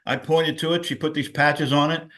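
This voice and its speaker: A man's voice: a little high, steady tone, normal speed, bright, forceful tone. Rambling middle-aged man telling his story. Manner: rambling storyteller with many fillers. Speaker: guest sharing a personal story. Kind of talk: casual testimonial on a video call. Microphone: video call.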